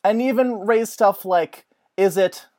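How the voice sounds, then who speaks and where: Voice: mid-range voice, unhurried, mellow. A podcast co-host chatting casually, rambling with enthusiasm and lots of fillers. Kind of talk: casual chat.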